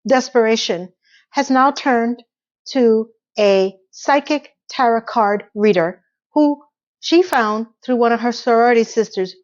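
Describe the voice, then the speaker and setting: Woman doing a tv recap, chatty n animated, kinda high voice, bit muffled lo-fi sound. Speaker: TV recap vlogger. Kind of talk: casual TV recap commentary.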